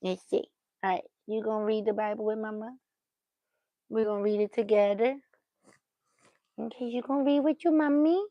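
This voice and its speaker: A woman's voice: fairly high pitch, fairly even intonation, moderate pace, long pauses, dry recording, lo-fi sound. A woman hosting a casual livestream, chatting to viewers and cooing playfully at her pet between remarks. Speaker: livestream host.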